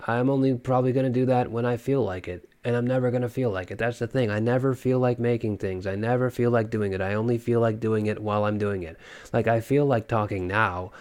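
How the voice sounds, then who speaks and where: A man's voice: fairly low pitch, darkish tone. A young man with a stuffy, nasal voice from a cold, rambling through a solo podcast monologue with many fillers and restarts. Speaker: podcast host.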